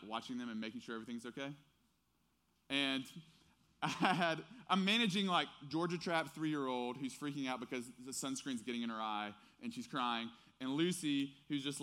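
A man preaching a sermon, swinging from hushed, intimate lines to loud, urgent ones. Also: fairly high pitch. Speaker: pastor.

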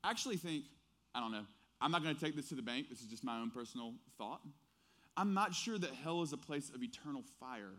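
A man preaching a sermon, swinging from hushed, intimate lines to loud, urgent ones. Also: mid-range voice, expressive, a little fast. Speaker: pastor.

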